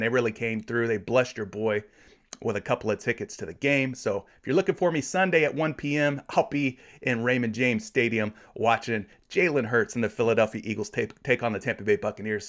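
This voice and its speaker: A man's voice: medium pitch, a bit bright. Guy in his 30s hosting a live betting stream, reads out chat comments, friendly and easygoing. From Florida, USA. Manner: reads viewer comments aloud, friendly and chatty. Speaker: sports betting livestream host. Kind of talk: casual livestream chat.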